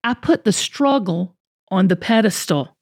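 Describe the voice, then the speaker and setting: A middle-aged woman, telling an animated story on a podcast. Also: mid-range voice, measured pace. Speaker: podcast co-host.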